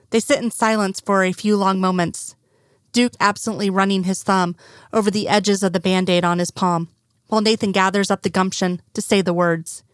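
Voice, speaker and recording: A woman narrating a fan fiction story in a steady, even storytelling manner. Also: medium pitch, clean tone, no echo, studio quality. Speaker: audiobook narrator.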